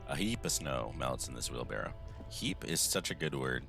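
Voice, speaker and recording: Sex: male. Role: streamer. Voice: extremely deep, gravelly. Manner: laid-back, amused asides. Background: faint music. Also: sing-song, moderate pace. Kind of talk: casual game commentary.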